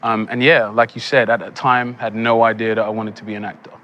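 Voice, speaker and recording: A young man, an actor telling stories in a casual interview, animated and laughing often. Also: on the low side, fairly quick, lo-fi sound, slight background noise. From England. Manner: animated, laughs often, acts out quoted lines. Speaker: actor guest.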